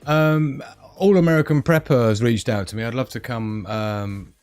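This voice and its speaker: A man's voice: mid-range voice, moderate pace, a little mellow, clean tone, soft background music. A man hosting a casual live stream, rambling and giggly with lots of fillers.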